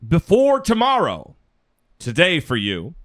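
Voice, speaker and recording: High-pitched guy co-hosting a political podcast, bouncy voice, rambles and swears. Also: huge pitch swings, takes it slowly, fairly bright tone. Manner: chatty, rambling, swears casually. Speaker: podcast co-host. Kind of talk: casual political podcast chat. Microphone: studio mic.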